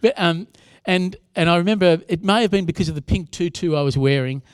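A man's voice: high voice, a little fast, clean tone, dry recording. Conversational man preaching a sermon. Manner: conversational preaching with asides to the congregation. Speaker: pastor.

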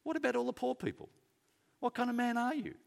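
A man voicing an indignant media critic who scolds in a mocking, high-pitched voice. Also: fairly even intonation, fast talker, vocal fry, in a large hall. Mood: scolding.

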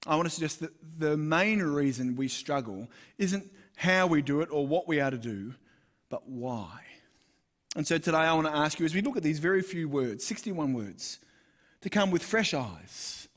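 Aussie pastor guy preaching, chatty, pokes fun at himself, voice sits a bit high. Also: animated, moderate pace, fairly bright tone. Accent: Australian. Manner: conversational, self-deprecating storytelling. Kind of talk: sermon.

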